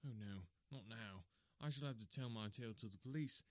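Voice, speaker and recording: A man's voice: fairly low pitch, fairly quick, no room sound, natural voice. A man voicing a shaken but composed young male engineer in a storybook reading, speaking eagerly and a little breathlessly. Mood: earnest.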